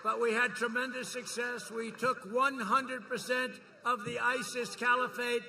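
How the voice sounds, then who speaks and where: A man's voice: very high-pitched, flat delivery, measured pace, sharp tone, slight background noise. A man giving a campaign rally speech, boastful and repetitive, rousing the crowd. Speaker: politician speaking at a campaign rally.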